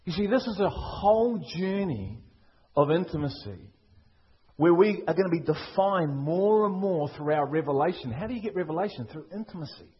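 A man's voice: fairly high pitch, expressive, moderate pace, dull audio, a little hiss or hum. A man with a Liverpool accent preaching a sermon, emphatic and full of rhetorical questions. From England. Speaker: pastor.

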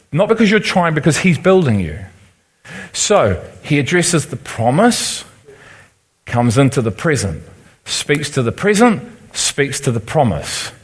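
A man from Liverpool, speaking with a Liverpool accent, preaches in a conversational, teaching way. His voice sits a touch high for a man, and he keeps turning to his listeners for a nod of agreement. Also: breathy edge. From Liverpool, England. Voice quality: conversational, asks the room for agreement. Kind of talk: sermon teaching.

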